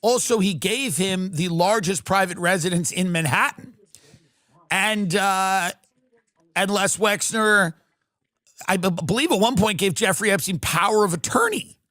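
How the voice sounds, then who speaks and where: A man's voice: high voice, measured pace, pushed and bright, no room sound. A man hosting a livestream, riffing through a sarcastic comedic rant. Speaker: livestream host.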